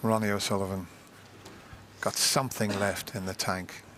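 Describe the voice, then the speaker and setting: A man giving live snooker commentary in a measured, level delivery. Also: on the low side, level tone, fairly bright tone, a little hiss or hum.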